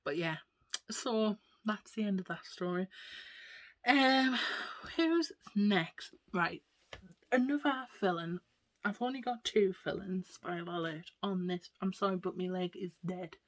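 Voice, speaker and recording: A woman's voice: medium pitch, measured pace. Young-sounding woman, casual vlog storyteller, rambly, slips into whispered asides. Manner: chatty, rambling, drops into soft whispered asides. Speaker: vlogger.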